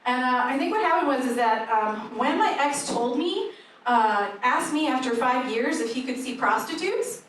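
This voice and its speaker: High-voiced woman doing deadpan stand-up. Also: moderate pace. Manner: deadpan, dry delivery of dark jokes. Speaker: stand-up comedian. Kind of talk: stand-up comedy set. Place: comedy club stage. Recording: echoey club audio from far off, audience noise.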